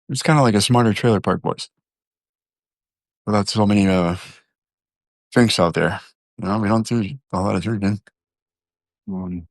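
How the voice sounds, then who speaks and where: Deep-voiced man rambling on a live stream. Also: dry recording, studio quality. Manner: rambling, loose, full of fillers and restarts; joking, talks directly to viewers. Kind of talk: casual live-stream chat.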